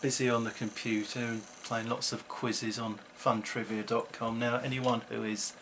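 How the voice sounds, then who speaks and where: A man's voice: medium pitch, little pitch movement, normal speed, a bit bright, slight background noise. A middle-aged man, chatting to camera at home in a rambling, self-mocking way. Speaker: vlogger. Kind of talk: casual chat to camera.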